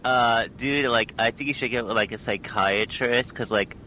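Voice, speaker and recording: A man's voice: medium pitch, moderate pace, sharp tone, a little hiss or hum, close to an everyday voice, rough recording. A man voicing a spaced-out young grunge rocker in an improvised comedy bit, drawling and saying "like" constantly. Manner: stoned drawl full of "like" and "man".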